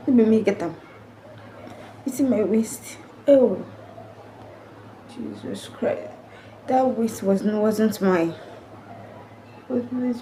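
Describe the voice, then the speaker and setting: A young woman tells her own story to camera in an emotional, earnest way, circling back over the same phrases. Her voice is warm and mellow rather than bright. A faint hum sits under her voice. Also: fairly high pitch, rough recording. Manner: emotional, earnest, repetitive retelling. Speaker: family vlogger. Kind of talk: personal story told to camera.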